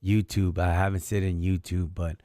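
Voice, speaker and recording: A man's voice: low-pitched, level tone, normal speed, dark tone, no echo, studio quality. A man hosting a live stream, telling stories in a slangy, casual and earnest way. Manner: slangy and street-casual, often says "dog" and "homie"; earnest, faith-focused. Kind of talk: casual storytelling chat.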